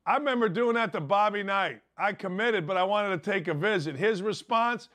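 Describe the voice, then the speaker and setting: Brash, high-voiced older sports host. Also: male voice, moderate pace, few pauses, sharp tone. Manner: brash, sarcastic, rambling. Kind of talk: opinionated sports talk monologue.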